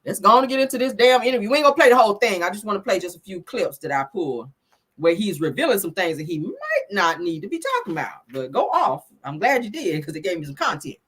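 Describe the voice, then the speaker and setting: Woman, commentary host, slangy, laughing, very animated pitch, bright tone. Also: fast, breathy edge. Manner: slangy, laughs often, drawls words out. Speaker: show host. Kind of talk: casual commentary reading viewer comments.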